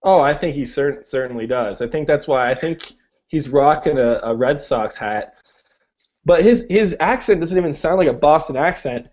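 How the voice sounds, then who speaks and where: A man's voice: fairly high pitch, expressive, normal speed, a little mellow. A young man co-hosting a podcast in casual chat, talking with many restarts and fillers. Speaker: podcast co-host. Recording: dull lo-fi recording.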